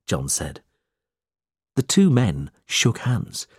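Guy reading a storybook out loud, slow and kinda husky, very dry sound. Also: mid-range voice, no room sound. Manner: slow, clear, expressive reading. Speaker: narrator. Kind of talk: scripted storybook narration.

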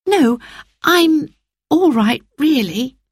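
A woman reading a storybook, voicing an anxious young girl who pleads in a high, breathy voice. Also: expressive, drawn-out words, dry recording, clean studio sound, exaggerated voice. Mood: pleading.

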